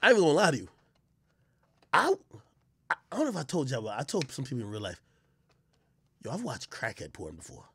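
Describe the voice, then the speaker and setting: A man streaming live, telling crude stories in loud, laughing casual chat with sudden yelps. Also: on the high side, wildly swooping pitch, fast, pauses often, husky.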